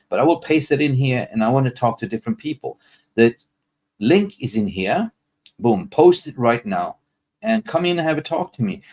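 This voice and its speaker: A man with a fairly low voice hosts a live fan stream in a casual, chatty way. He keeps greeting viewers by name and tosses in playful jokes. His delivery is animated and informal, with frequent filler words. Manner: animated, shouts out chat names, jokey asides.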